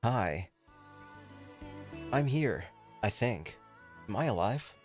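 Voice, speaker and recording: A man's voice: fairly low pitch, lively intonation, slow, soft background music. A man in his twenties chatting casually on a game livestream, rambling and swearing freely, with plenty of fillers and restarts. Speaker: game streamer.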